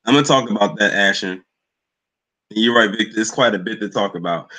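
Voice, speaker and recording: A man's voice: on the low side, a little fast, bright, forceful tone, rough recording. A young man hosting a livestream, chatting loosely and greeting commenters by name. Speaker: livestream host. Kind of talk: casual live chat with viewers.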